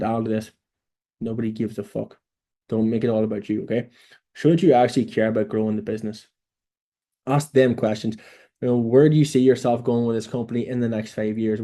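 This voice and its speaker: A man's voice: medium pitch, dark tone. A young Irish man coaching beginners in a casual, blunt monologue, swearing freely and tagging lines with "right?". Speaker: online business coach. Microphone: phone or camera mic in a room.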